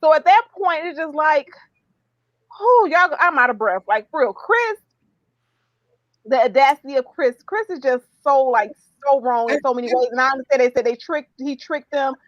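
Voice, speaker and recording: High-voiced fired-up woman ranting. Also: moderate pace, no echo, muffled recording. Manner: animated, exclamatory, fired-up ranting. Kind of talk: casual reality-TV recap chat.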